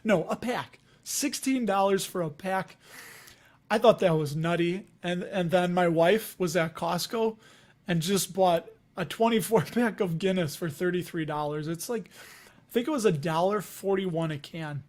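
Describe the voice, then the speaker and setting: A man's voice: high voice, normal speed, a little mellow. A man with a Chicago accent hosting a casual livestream, rambling and chatty, laughing often as he talks to viewers. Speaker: investing livestream host.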